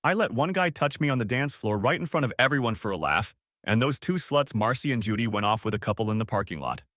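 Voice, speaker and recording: Here is a man playing a pushy, impatient woman friend who presses her point hard. Her pitch rises and falls in lively swings as she talks. The sound is dry and close, with no room around it. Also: fast talker, dry recording, lightly acted. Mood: exasperated. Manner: pressing, exasperated. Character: frantic female friend, insistent and blunt.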